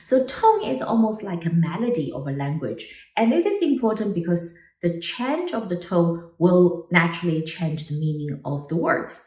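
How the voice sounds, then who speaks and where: Woman language teacher, lower voice, very animated pitch, echoey room, distant mic. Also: normal speed, few pauses. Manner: animated, exaggerated tone demonstrations. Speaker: Mandarin teacher. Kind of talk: online language lesson.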